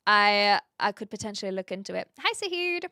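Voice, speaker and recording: Bright, crisp-voiced chatty streamer woman. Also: mid-range voice, big pitch swings, brisk, dry recording, studio quality. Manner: chatty, rambling, with fillers and laughs. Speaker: livestream host. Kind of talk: casual chat with viewers.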